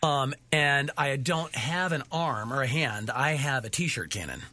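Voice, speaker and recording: A man's voice: medium pitch, a little slow, a little hiss or hum. A man hosting a podcast, reading listener questions and joking playfully in casual chat. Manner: animated, playful. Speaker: podcast host.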